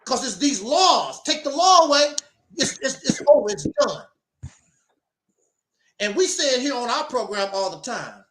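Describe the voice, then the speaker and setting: A man's voice: very high-pitched, big pitch swings, a little slow, pauses often, reverberant, background noise. A man hosting his own talk program, delivering an emphatic, preachy monologue with mocking asides. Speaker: host. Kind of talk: opinionated talk show monologue.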